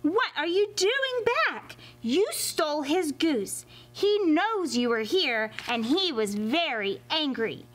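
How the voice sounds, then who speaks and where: A woman's voice: very animated, a bit bright, full character voice. A woman doing a shrieking little maid. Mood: alarmed. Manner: shrieking, high and hurried. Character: small fretful lady servant, shrill and urgent.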